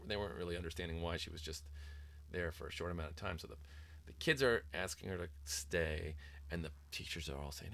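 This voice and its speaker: A man's voice: sits low, fast talker, a bit bright. A middle-aged man, a parent and author, talking casually and at length about raising children, with frequent ums and restarts. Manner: rambling, many ums and restarts, mimics sing-song voices in quotes. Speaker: author discussing his book on parenting. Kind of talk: casual reflective talk.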